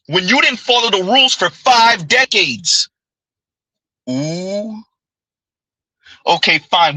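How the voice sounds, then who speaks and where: A man delivers reaction commentary in a brash, teasing way, tossing out punchy asides. His voice swoops widely and rings bright and forceful, and the sound is dry and close. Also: on the high side, husky, dry recording, low-quality recording. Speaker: commentary host.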